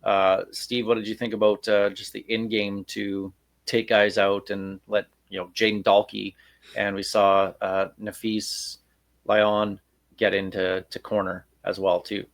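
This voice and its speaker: Man, podcast host, low voice, measured, dry interjections, casual football chat. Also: level tone.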